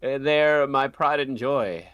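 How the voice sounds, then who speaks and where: A man's voice: mid-range voice, slow, fairly bright tone, clean tone, no echo, lo-fi sound. A man chatting casually on a streamed group call, playful and teasing, laughing often.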